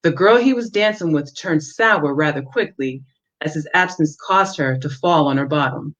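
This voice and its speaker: A woman author reading excerpts from her own novel at a measured pace, with a few fillers in between, heard through dull lo-fi audio. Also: low-pitched, fairly bright tone.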